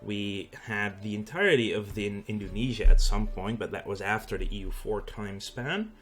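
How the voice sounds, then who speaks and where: A man's voice: on the low side, moderate pace, fairly bright tone. A Dutch man with a Dutch accent hosting a let's play, explaining the game in a casual way with frequent fillers. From Netherlands. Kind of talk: gameplay commentary.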